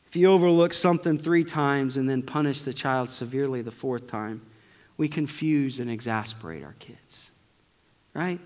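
A middle-aged male pastor preaching a conversational sermon to his congregation, swinging between loud bursts and near-whispers. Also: mid-range voice, measured pace, pauses often. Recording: long hall reverb.

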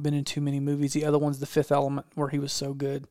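A man's voice: on the high side, monotone, fast talker, hardly any pauses, darkish tone, smooth, no echo, studio quality. A man hosting a casual chat, talking with enthusiasm and often restarting his sentences. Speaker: podcast host.

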